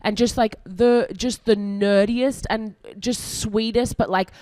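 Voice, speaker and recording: A woman comedian telling a story in casual chat, animated and full of "like". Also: on the high side, takes it slowly, dry recording. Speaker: comedian guest.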